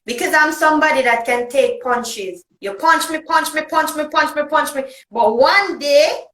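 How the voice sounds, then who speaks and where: Blunt high-voiced woman. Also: lively intonation, normal speed, fairly bright tone, roomy sound, low-quality recording. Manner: blunt, emphatic, patois-tinged. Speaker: podcast host. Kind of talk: casual chat.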